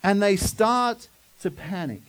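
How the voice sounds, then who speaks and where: A man's voice: sits high, lively intonation, takes it slowly, low-quality recording. A man preaching a sermon as pastor, telling the story dramatically and asking the congregation questions.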